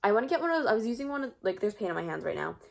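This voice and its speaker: A woman's voice: medium pitch, very animated, rapid-fire, creaky. A teenage girl vlogging in a casual, rambling, self-mocking monologue full of filler words. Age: teens.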